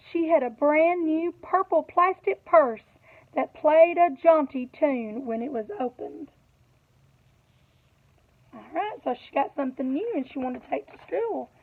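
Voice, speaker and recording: Slow, tinny-sounding woman reading to kids. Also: high-pitched. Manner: animated, asks children questions. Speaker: storyteller reading to children. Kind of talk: children's read-aloud with questions to listeners. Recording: tinny phone-like audio.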